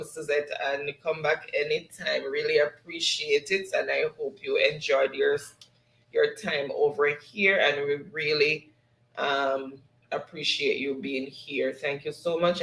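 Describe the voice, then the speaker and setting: Guy hosting a stream, reads out the chat, laughs a lot, kinda high voice, echoey room. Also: gravelly, a bit bright. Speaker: livestream host. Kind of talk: reading live chat aloud, casual sign-off. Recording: roomy echo.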